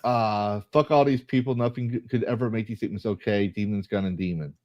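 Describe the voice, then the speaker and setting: A man's voice: lowish voice, fairly quick, dry recording, lo-fi sound. A man hosting a casual online discussion, reading posts aloud and reacting with blunt, profane commentary. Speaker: host.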